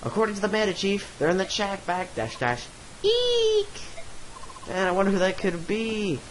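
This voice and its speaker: A man's voice: sits high, animated, brisk, a little hiss or hum, poor audio. Playful young man narrating a game. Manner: playful, jokey, chuckling asides. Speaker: gameplay channel host. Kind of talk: let's play, reading game dialogue aloud in voices. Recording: game music playing behind.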